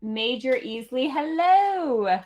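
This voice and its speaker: A young woman from California in casual chat, animated and laughing as she tells stories. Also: high-pitched, slow pace, muffled recording. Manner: chatty and animated, laughs while telling stories. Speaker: stream guest.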